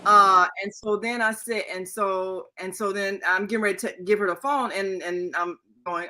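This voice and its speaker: A woman's voice: medium pitch, fairly even intonation, normal speed, hardly any pauses, bright, forceful tone, rough recording. An older woman and co-host, rambling through a family story in casual chat with many restarts.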